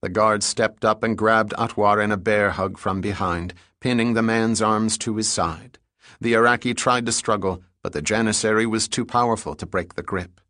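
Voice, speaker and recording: A man narrating a thriller audiobook in a steady, even reading. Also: lowish voice, moderate pace, dry recording, clean studio sound.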